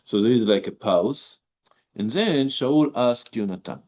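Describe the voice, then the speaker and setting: Brief: male rabbi, mid-pitched, informal class, hesitant explaining style. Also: expressive, a little mellow. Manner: halting, with many restarts and fillers, reads verses aloud. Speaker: rabbi teaching a Bible class. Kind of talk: informal Bible lesson.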